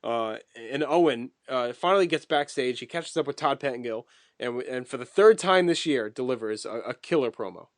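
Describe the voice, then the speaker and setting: A man co-hosting a podcast, walking through a wrestling match blow by blow in relaxed, casual chat with occasional swearing. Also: medium pitch, brisk, no room sound, studio quality. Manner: detailed play-by-play recounting, swears casually. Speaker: podcast co-host.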